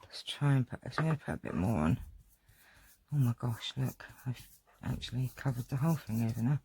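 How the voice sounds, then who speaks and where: Gushing, chatty low-voiced woman. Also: a little fast, background noise. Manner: warm-hearted, gushing, rambling. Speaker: crafting vlogger. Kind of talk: casual chatty craft tutorial.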